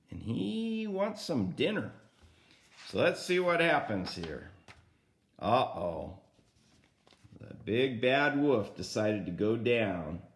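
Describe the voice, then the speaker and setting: An older man reading a picture book aloud to a child, animated and often asking the listener questions. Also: mid-range voice. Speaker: grandfather storyteller.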